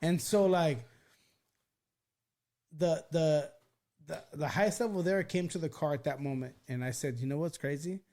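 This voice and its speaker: A man hosting a podcast, telling a story in a casual, animated and profane way, acting out the people he quotes. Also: on the high side, normal speed, long pauses. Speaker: podcast host.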